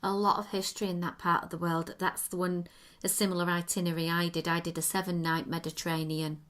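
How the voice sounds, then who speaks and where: Bright British woman podcast host. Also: fairly low pitch, flat delivery, fast talker. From Britain. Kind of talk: casual podcast chat.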